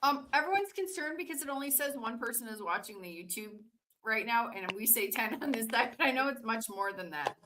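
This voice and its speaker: Woman co-host reading out chat questions, bright sharp voice, a little hiss and clicks behind. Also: a little high, animated, fairly quick, poor audio. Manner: upbeat, reads chat aloud. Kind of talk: casual livestream chat.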